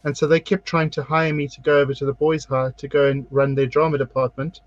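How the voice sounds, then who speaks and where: A man's voice: fairly high pitch, little pitch movement, brisk, dry recording, muffled recording. Chatty drag queen host, dry sound. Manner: chatty storyteller, acts out quotes. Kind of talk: casual chat while doing makeup.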